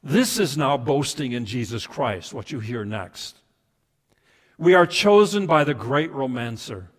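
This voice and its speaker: A man preaching a sermon as pastor, emphatic at times and then dropping to soft, intimate asides. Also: mid-range voice, expressive, a little slow. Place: church sanctuary. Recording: reverberant hall sound.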